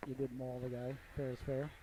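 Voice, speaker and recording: A man's voice: medium pitch, little pitch movement, fairly quick. A man doing play-by-play for a hockey game, with folksy jokes and frequent asides to the audience. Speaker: play-by-play commentator. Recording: noisy amateur broadcast audio.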